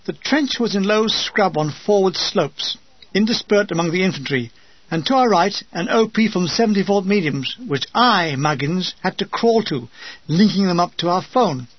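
A man's voice: sits high, moderate pace, husky, dry recording. Wry man reading a memoir. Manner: wry, deadpan humor with acted asides. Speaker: memoir narrator. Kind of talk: comic wartime memoir reading. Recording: dull lo-fi dry recording.

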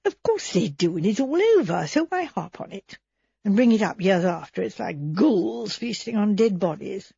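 Brief: a woman doing a warm, impulsive young woman, earnest, breathy tone. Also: medium pitch, very animated, dry recording, highs cut off, heavily acted. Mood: indignant. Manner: earnest, halting.

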